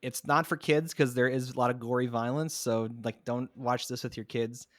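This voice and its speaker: A man's voice: medium pitch, fairly even intonation, normal speed, fairly bright tone, no room sound, studio quality. A man hosting a podcast, chatting casually and eagerly recommending shows, poking fun at himself. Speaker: podcast host. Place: home, recorded remotely.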